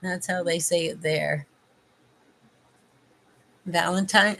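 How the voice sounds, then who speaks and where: Bright-voiced Canadian woman chatting on a livestream. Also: on the low side, fairly even intonation, moderate pace, gravelly, pauses often. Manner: chatty, laughing, talks to viewers and her dog. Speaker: livestream host. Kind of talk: casual livestream chat.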